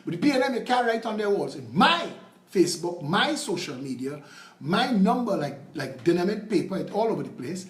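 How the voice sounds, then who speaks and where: A man's voice: high-pitched, big pitch swings, fairly quick, echoey room. A man with a Trinidadian accent hosting a political call-in show, combative and sarcastic. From Trinidad and Tobago. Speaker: political talk show host.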